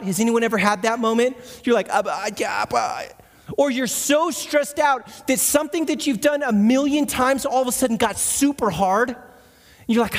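High-voiced man preaching in a reverberant hall. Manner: conversational preaching, asks the congregation questions. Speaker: guest speaker. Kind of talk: sermon. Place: church.

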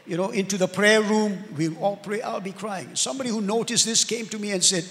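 A male pastor preaches an earnest sermon, stretching out his emphatic words and calling for amens. His voice sits high for a man. The sound carries a long reverb from the church hall. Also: a little fast, hardly any pauses, a bit bright.

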